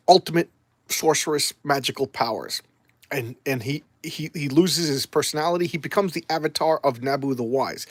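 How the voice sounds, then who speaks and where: A man's voice: fairly high pitch, no echo. A man chatting casually and enthusiastically as a comics vlogger, rambling with restarts. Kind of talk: casual chat.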